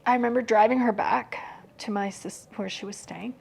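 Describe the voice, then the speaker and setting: A woman appears as a guest on a podcast, talking openly about personal matters in a soft, halting way that often sinks to a near-whisper. Her voice sits on the higher side with fairly even intonation and a creaky, breathy edge.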